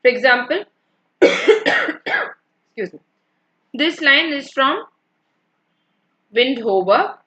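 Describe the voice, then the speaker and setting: A woman's voice sits high and sing-song as she teaches an online English literature class, speaking very slowly with frequent pauses and a pushed, bright tone. She patiently explains and repeats points and checks on her students. The recording quality is rough.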